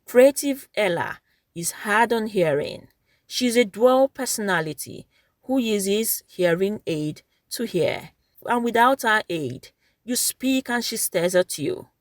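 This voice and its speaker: Measured woman narrating. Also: mid-range voice, expressive, no room sound, studio quality. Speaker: program narrator. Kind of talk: scripted documentary narration.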